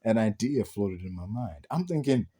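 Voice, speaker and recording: A man hosting a casual spoken wrestling review, animated and rambling, swearing casually as he talks. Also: on the low side, normal speed.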